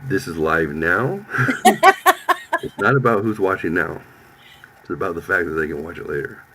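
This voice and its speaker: A man's voice: sits low, moderate pace, slight background noise, low-quality recording. A man in his fifties, a podcast host telling a profane story in casual chat, acting out the lines of the people in it. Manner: profane, animated storytelling with quoted voices.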